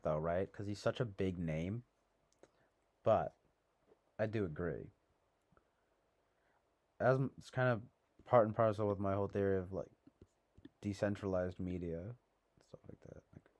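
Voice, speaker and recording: A man's voice: fairly low pitch, expressive, moderate pace, pauses often. A man hosting a casual livestream, rambling with lots of fillers and a sarcastic edge. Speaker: livestream host.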